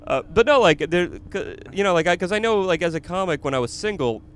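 A man's voice: high voice, animated, fast talker, fairly bright tone. A man, a comedian, telling a funny story in casual chat and laughing along as he goes. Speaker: comedian and podcast host.

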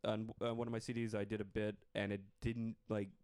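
A man's voice: on the low side, little pitch movement, a little fast, darkish tone, no room sound, studio quality. A male podcast host in casual chat, agreeing and adding his own views. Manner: affirming, agreeable.

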